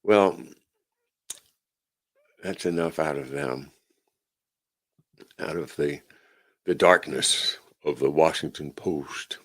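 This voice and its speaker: Reading news aloud on a casual livestream, a male chat-show host talks in a slow bass voice and pauses often. His sardonic, chuckling remarks come with frequent "uh"s and restarts.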